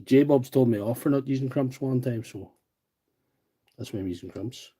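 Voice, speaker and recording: A man's voice: medium pitch, normal speed, dark tone, breathy edge. A man with a rural County Derry accent, hosting a repair livestream and chatting in a rambling, self-deprecating way while he works. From Northern Ireland, County Derry. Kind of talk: casual chat while repairing tools.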